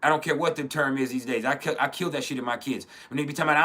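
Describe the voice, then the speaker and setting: A man in his thirties speaks in an earnest, blunt way, swearing freely and restarting his sentences as he goes. His voice is bright and forward, at a middle pitch for a man. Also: steady tone, rapid-fire. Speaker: podcast host. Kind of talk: casual spoken reflection.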